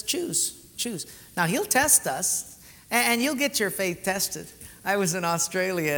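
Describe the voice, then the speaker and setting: A male pastor with a bright, forceful, slightly high voice, preaching and acting out the voices in his stories. His sermon rings through a large hall with a long reverb tail. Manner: animated storytelling, acts out quoted voices.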